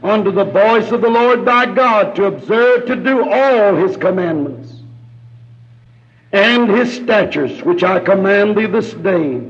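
Male revival preacher, very high pitch, slow chanting cadence, muffled old tape. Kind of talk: revival sermon.

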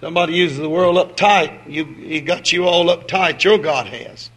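Preacher, male, fairly high-pitched, folksy, alternates booming calls and soft asides. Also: moderate pace. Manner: folksy, swinging from loud exhortation to quiet asides. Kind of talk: sermon.

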